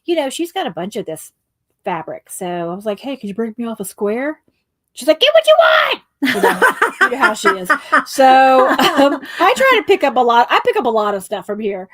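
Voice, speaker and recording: A woman's voice: fairly high pitch, big pitch swings, normal speed, a bit bright, no echo. A woman chatting casually on a craft livestream, rambling with lots of ums and asides to her viewers.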